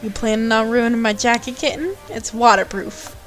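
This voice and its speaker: A woman's voice: a little high, normal speed, soft background music, natural voice, low-quality recording. A woman voicing a menacing young male thug with a bat, in a taunting tough-guy drawl.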